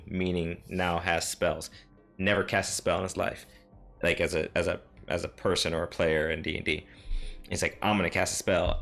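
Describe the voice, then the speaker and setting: A dungeon master with a low, fairly bright voice rambles casually on his own about his last game session. His recap is full of fillers and self-deprecating asides, with faint synth music in the background.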